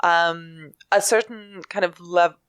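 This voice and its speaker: Lower-voiced woman podcast host. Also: fairly even intonation, slow pace, a bit bright, clean tone, no echo, clean studio sound. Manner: articulate, inquisitive, leads questions. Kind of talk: casual podcast conversation.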